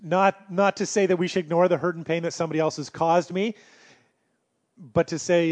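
A man preaching a sermon as pastor, earnest, moving between emphatic passages and hushed ones. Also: high-pitched, a little fast.

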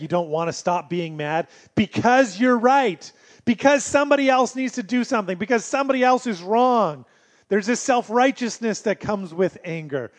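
Man, pastor, sermon, high voice, earnest, shifts between emphatic and hushed delivery.

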